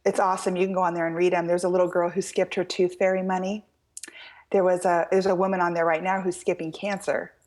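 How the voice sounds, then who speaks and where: An American woman, middle-aged, telling a story as an author guest in an interview, lively and quoting people in animated voices. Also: fairly low pitch, fast. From United States. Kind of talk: storytelling in a talk-show interview.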